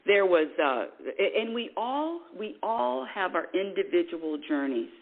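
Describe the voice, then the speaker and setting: A woman hosting a spiritual call-in radio show, preaching in an animated way and acting out quoted voices. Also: medium pitch, a little slow, narrow, tinny audio. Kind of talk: spiritual talk radio monologue.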